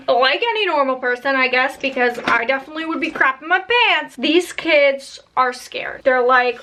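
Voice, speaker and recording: A woman telling a spooky story in a casual, chatty storytime style, tossing in slangy asides to her viewers. Her voice sits high and sounds bright and sharp. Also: moderate pace, few pauses, a little hiss or hum.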